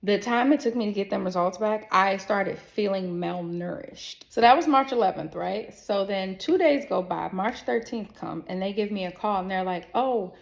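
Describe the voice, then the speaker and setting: A young adult woman telling a personal story in a casual vlog, animated and swearing freely as she acts out other people. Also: medium pitch, moderate pace, vocal fry, hardly any pauses.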